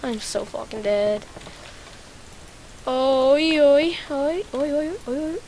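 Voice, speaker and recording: A woman hosting a let's play, commentating excitedly as she plays, swearing often and repeating phrases over and over. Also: sits high, takes it slowly, slight background noise. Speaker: gaming channel host.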